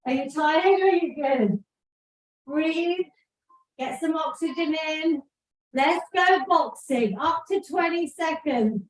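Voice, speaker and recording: Woman fitness coach, high voice, unhurried cues, out of breath, echoey room far from the mic. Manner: encouraging, counting out cues. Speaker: fitness instructor. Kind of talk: live workout coaching.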